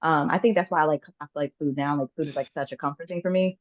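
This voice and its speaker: A woman's voice: sits low, fast talker, no echo. A woman hosting a podcast, speaking in a reflective, affirming way and often checking in with "right?". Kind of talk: casual chat. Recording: slightly dull lo-fi sound.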